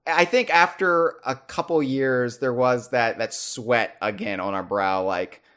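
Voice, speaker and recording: A young American man hosting a podcast, talking casually and excitedly with frequent restarts and repeated words. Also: medium pitch, clean tone. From United States. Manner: animated, often halting, restarting and repeating words. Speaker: podcast host. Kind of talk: casual chat.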